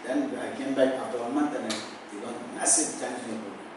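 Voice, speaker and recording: A man speaking at a youth retreat, telling a personal story with animated delivery and acting out the dialogue. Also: medium pitch, fast talker. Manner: animated, acts out dialogue with rising intensity. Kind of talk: emotional personal storytelling talk. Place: large indoor retreat hall. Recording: very echoey hall, mic far off, faint noise.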